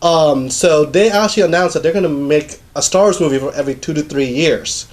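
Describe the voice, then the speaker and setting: A man's voice: fairly high pitch, brisk. Laid-back young man saying "dude" a lot. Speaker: co-host of a gaming news show. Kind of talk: casual chat.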